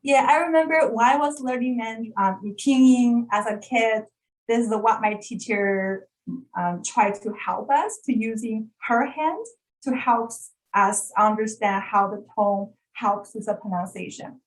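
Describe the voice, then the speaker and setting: A woman's voice: on the high side, a little slow, poor audio. A woman presenting an online workshop over a video call, carefully demonstrating and repeating sounds for learners to copy.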